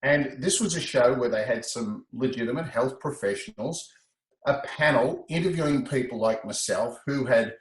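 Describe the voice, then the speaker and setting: A middle-aged man, a guest telling his story in a casual interview, animated and quick to laugh. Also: mid-range voice, echoey room, low-quality recording. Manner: animated, breaks into laughter, repeats words.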